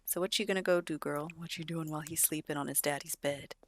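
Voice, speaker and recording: A woman's voice: deep voice, steady tone, fast talker, a little hiss or hum. A young woman, a mother, chatting casually as she plays a life-sim game for viewers. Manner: chatty, bubbly, talks to viewers as "girl" and "guys". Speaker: gaming channel host.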